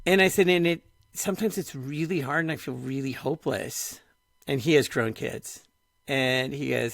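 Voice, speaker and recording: A middle-aged man hosting a podcast, chatting casually and retelling conversations in an animated way, full of "like". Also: medium pitch, moderate pace, gravelly, no echo, studio quality. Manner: animated storyteller, retells dialogue, frequent "like". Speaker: podcast host.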